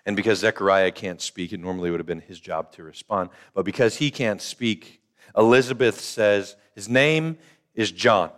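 A man's voice: fairly low pitch, normal speed, fairly bright tone. An older man preaching a sermon as pastor, conversational, repeating phrases and acting out the voices of the people in his story.

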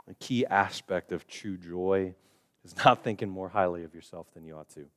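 A man with a low, smooth, resonant voice preaches a sermon in church. He drops to hushed, slow lines, then climbs loud and high for emphasis. He acts out what people in the pews would say. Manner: acts out quoted voices of the congregation. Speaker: pastor.

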